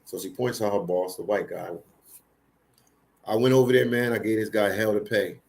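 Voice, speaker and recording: A man's voice: lowish voice, steady tone, moderate pace. A man hosting a livestream, telling stories casually, repeating phrases and speaking with emphasis. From Philadelphia, United States. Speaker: livestream host. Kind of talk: casual live storytelling.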